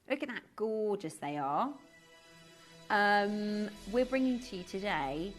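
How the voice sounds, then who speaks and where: A woman presenting on a live shopping channel in a chatty way, full of rhetorical questions. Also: mid-range voice. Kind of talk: live TV selling chat. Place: TV studio.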